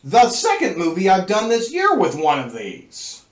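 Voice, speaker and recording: A male movie review host with a high, animated voice that swoops up and down as he gleefully reads out a crude, over-the-top list. He takes his time, and the room around him rings with a noticeable echo. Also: a little slow. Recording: roomy echo.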